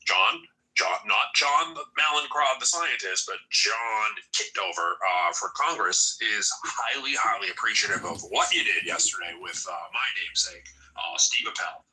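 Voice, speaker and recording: A man with a very bright, forward voice pitched a touch low hosts a loose group chat. He rambles, jokes and calls people up by name. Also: lively intonation, normal speed, low-quality recording. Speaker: host of a group audio chat room.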